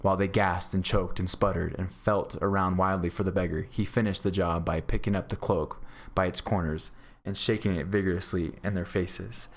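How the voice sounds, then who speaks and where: A male teacher reads a classic adventure story aloud to his class. His voice is low, and his reading is steady and clear. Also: normal speed. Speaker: grade school teacher.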